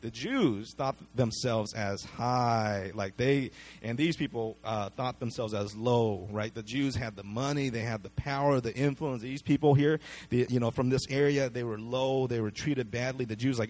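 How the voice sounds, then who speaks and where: A man preaching a casual, conversational sermon, retelling the story in everyday speech and acting out the people in it with quick asides. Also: mid-range voice, lively intonation.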